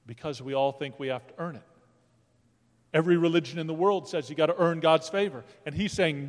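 A man's voice: fairly high pitch, brisk. A man preaching a sermon as pastor, emphatic and rising, often calling out to the congregation. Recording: long hall reverb.

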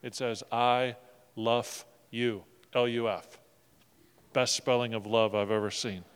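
A male pastor speaking at a middle pitch, earnest and sincere, who often repeats words as he gathers his thoughts. His sermon and prayer carry a long reverb through the church sanctuary. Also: level tone, takes it slowly, clean tone.

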